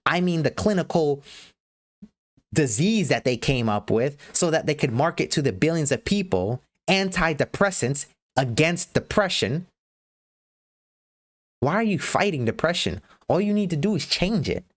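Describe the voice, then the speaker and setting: A woman's voice: low voice, animated, normal speed. A woman livestream host giving a blunt, profane motivational rant.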